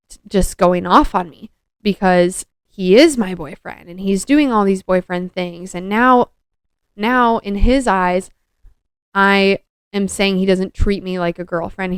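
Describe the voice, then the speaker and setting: A young woman shares a personal story on her podcast in an earnest, confessional tone, with "like" scattered through her speech. Her voice is strikingly smooth and clear. The recording is dry and close, with no room sound. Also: medium pitch, no echo. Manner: earnest, confessional, heavy use of "like". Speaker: podcast co-host.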